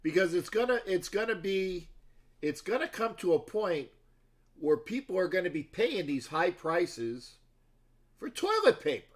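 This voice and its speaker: A man with a somewhat high speaking voice hosts a sports show livestream. He talks loosely to his viewers and rambles from story to story. He often restarts his sentences and breaks off into asides. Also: expressive, measured pace. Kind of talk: casual rambling livestream chat.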